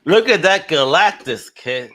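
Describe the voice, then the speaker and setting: A man with a bright, rather high voice that swings up and down. He talks in a casual, excitable way, peppered with slang and swearing. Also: a little slow. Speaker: podcast co-host. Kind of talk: casual chat.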